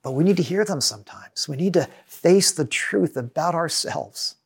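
A man preaching a sermon as a pastor, measured and earnest, reading passages aloud. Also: on the high side, expressive, creaky, husky.

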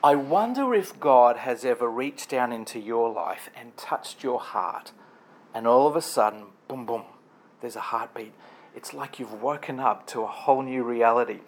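A man's voice: mid-range voice, expressive, normal speed. A man preaching a sermon in a conversational, storytelling way, building emphatic lists.

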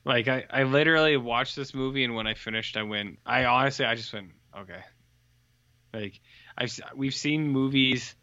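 A male podcast co-host chatting casually, telling stories in a rambling, deadpan way. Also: mid-range voice, brisk, no room sound, dull audio. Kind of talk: casual chat.

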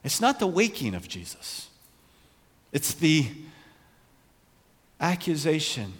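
A man's voice: a little high, huge pitch swings, takes it slowly, pauses often, a bit bright, husky, in a large hall. A man preaching a sermon in an earnest way that rises to passionate emphasis. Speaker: pastor.

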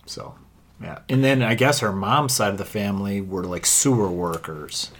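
A man co-hosting a casual political chat, recounting details in a relaxed, conversational way. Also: lowish voice, normal speed.

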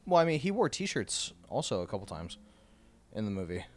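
A man's voice: fairly low pitch, sing-song, fairly quick. A young man co-hosting a podcast, chatting in a laid-back, agreeable way. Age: young adult. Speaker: podcast co-host. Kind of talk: casual chat.

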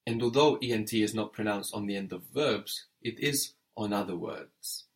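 A man's voice: on the low side, moderate pace. A man teaching French in an audio lesson, patient and methodical, prompting the learner and spelling words letter by letter.

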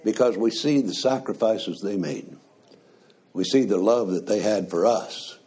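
A man preaching a sermon in a slow, conversational way, often asking the congregation questions. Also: lowish voice, warm tone, slightly rough.

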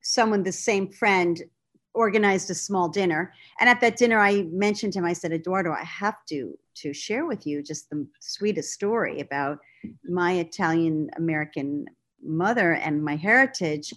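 A woman filmmaker being interviewed, telling stories in a lively way and acting out quotes. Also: fairly low pitch, normal speed. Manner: lively storyteller, acts out quotes. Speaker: filmmaker guest. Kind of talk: casual interview chat.

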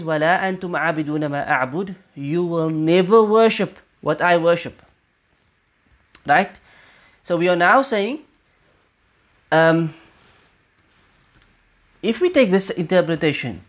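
In a religious lesson on Quranic interpretation, a male teacher with a high voice explains the material. Swift recitations of short Arabic verses punctuate his explanations, and he checks in with the listener often.

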